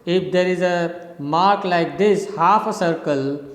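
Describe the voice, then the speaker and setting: A man's voice: high voice, slow pace. A middle-aged man with an Indian English accent, teaching English literature in a recorded lecture, explaining carefully and checking with "okay?". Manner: explanatory, repeats points, frequent "okay?". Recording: roomy echo with long reverb.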